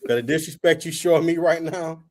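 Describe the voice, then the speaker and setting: His voice a little high and brisk, the podcast host tells a talk-show story casually, acting out the dialogue with animation and plenty of swearing.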